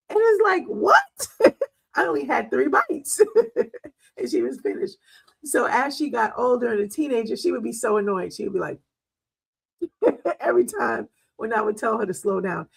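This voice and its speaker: A middle-aged woman hosts a casual wellness talk, chatting and telling family stories with plenty of ums and laughs. Her voice has a gravelly fry and a husky edge, at an ordinary pitch for a woman. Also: low-quality recording. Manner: chatty, storytelling, laughs often, many fillers. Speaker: wellness show host.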